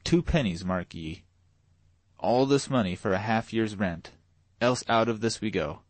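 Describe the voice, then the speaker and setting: A man's voice: fairly low pitch, a little slow, no room sound, close to an everyday voice. A man reading a storybook voicing a coarse, bullying father who barks orders. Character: brutal drunken father, middle-aged man, jeering.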